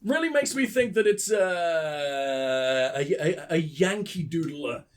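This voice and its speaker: A man's voice: on the high side, lively intonation, slow. Sweary, sarcastic southern English guy. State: ill. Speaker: let's play host. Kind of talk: casual gameplay commentary.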